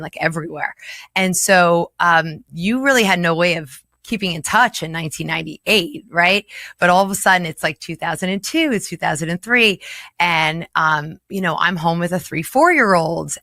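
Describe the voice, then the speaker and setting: A woman in her forties with a low-pitched voice, speaking earnestly as an interview guest. She is candid and emotional, and she laughs often between hard memories. Her voice is recorded dry and close, with no room echo. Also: fairly bright tone. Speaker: interview guest, local chapter chair.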